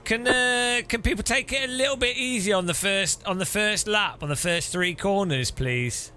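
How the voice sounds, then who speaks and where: A man's voice: sits high, normal speed. A man with an English Midlands accent chatting jokily and mocking himself while he races on a live stream. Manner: jokey, self-mocking, chuckling. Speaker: sim racing streamer. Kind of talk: casual live-stream chat while racing. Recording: loud engine noise behind. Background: loud racing game engine noise.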